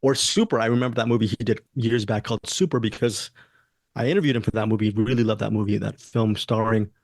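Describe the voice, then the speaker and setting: A man's voice: on the low side, fairly even intonation, quick pace, no room sound, clean studio sound. A man hosting a movie podcast in casual, rambling chat, joking and laughing often. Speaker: podcast host.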